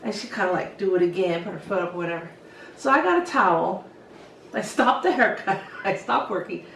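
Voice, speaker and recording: A middle-aged woman hairstylist telling stories in a casual, lively way and acting out what she said to the kids. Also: medium pitch, fairly quick, gravelly, a little hiss or hum. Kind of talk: casual storytelling to camera. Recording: echoey room, voice from some distance.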